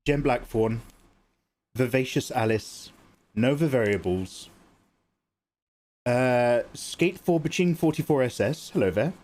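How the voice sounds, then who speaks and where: A man streaming live, chatting casually with viewers while often clearing his throat. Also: medium pitch, a little mellow. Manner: chatty, greets viewers, jokey. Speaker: livestreaming artist.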